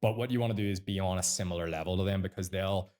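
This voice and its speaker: A man's voice: low-pitched, steady tone, rapid-fire, a little mellow. A Northern Irish man talking bluntly and swearing freely as a sales mentor on a casual podcast.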